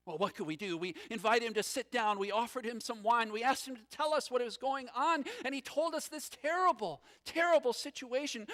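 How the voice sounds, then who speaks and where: Slow, dramatic pastor. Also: male voice. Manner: dramatic, swinging from loud to hushed and low. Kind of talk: first-person storytelling sermon.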